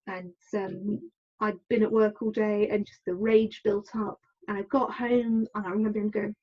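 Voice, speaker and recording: Husky woman telling her story. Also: mid-range voice, level tone, moderate pace, darkish tone, muffled recording. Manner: candid, hesitant, acts out quoted lines. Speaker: podcast guest. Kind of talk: personal story in an interview.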